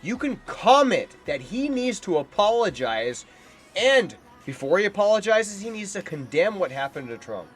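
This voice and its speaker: A man rants in scornful reaction commentary, his pitch swinging widely from line to line. Faint music plays underneath. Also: big pitch swings, normal speed, husky. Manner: indignant, heated and scornful, ranting. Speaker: political commentator.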